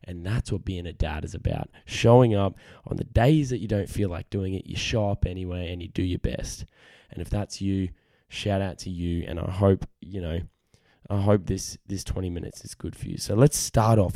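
Husky-voiced man, earnest podcast host. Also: low voice, normal speed, warm tone, no echo, clean studio sound. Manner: earnest, rambling, repeats words. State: husky voice from a cold. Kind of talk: casual solo podcast monologue. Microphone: studio podcast microphone.

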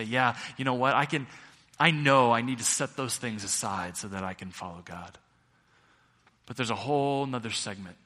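A middle-aged male pastor preaching a sermon, building to loud peaks and then dropping quiet. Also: medium pitch. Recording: long reverb of a large hall.

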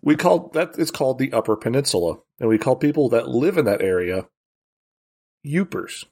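Stammering man, lively pitch. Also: quick pace. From Michigan, USA. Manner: rambling, stammering explainer. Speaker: podcast co-host. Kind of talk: casual chat.

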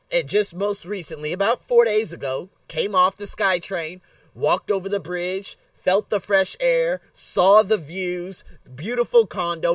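Male podcast host, blunt, animated, high voice, dry sound, a bit off-mic. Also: no room sound, far from the mic. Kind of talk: ranting solo podcast. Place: Bangkok.

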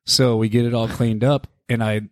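A man chatting as a guest on a podcast, telling an animated story and acting out the back-and-forth. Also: medium pitch, moderate pace, no room sound, studio quality. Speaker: podcast guest, a host's husband. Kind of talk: casual chat.

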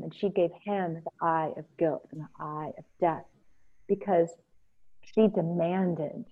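A woman's voice: on the low side, slightly rough. Reflective woman telling a myth, phone-like. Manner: slow, reflective, with pauses and fillers. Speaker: speaker sharing a personal story. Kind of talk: reflective personal storytelling talk. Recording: phone-like narrow sound.

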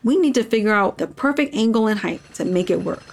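A woman voicing an excited young schoolboy who leads his friends in a children's story. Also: mid-range voice, quick pace, gravelly. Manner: excited, takes charge.

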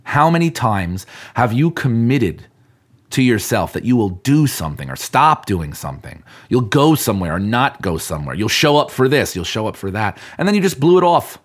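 Man, podcast host, motivational talk, earnest, pitch rising and falling a lot. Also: big pitch swings, moderate pace. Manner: earnest, coaching, talks straight to the listener.

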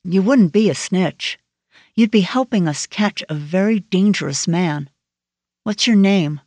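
A woman's voice: lowish voice, expressive, unhurried, darkish tone, no echo. A woman narrator voicing a brusque woman FBI agent in an audiobook, in a clipped, blunt manner. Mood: probing. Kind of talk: audiobook character voice.

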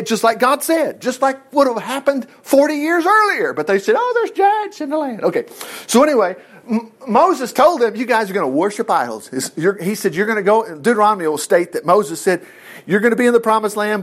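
A man, teaching the Bible in a folksy, informal sermon and acting out the quotes. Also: high voice. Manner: folksy, animated, acts out quotes. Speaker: preacher.

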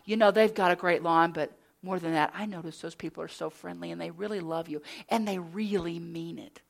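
A woman's voice: fairly low pitch, fairly even intonation, a little fast, vocal fry, few pauses. A middle-aged woman preaching a sermon as a pastor's wife, earnest, with storytelling and conversational asides.

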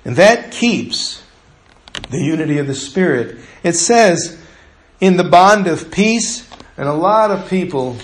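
A male pastor preaching in a conversational way, his voice fairly high for a man. He slows and quiets down to drive points home. The sound carries the echo of a roomy church. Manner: conversational preaching that drops to slow, quiet emphasis. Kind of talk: sermon. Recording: echoey room.

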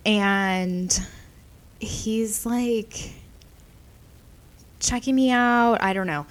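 A woman's voice: medium pitch, slow, pauses often. A young woman podcast host telling a story in a casual, chatty way, constantly saying "like" and acting out quotes. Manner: chatty, animated, heavy use of "like", quoting herself and others.

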